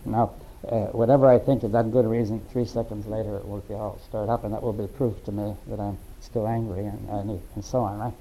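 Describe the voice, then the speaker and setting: A man in a philosophical discussion, talking haltingly and often checking in with "right?" and "you see". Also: fairly low pitch, little pitch movement, dark tone, a little hiss or hum, poor audio. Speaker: discussion participant.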